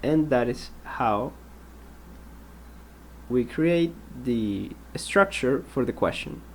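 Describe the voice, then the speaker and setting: A man teaching an English grammar lesson, patient and explanatory, repeating example sentences and pausing with ums. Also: mid-range voice, lively intonation, slight background noise.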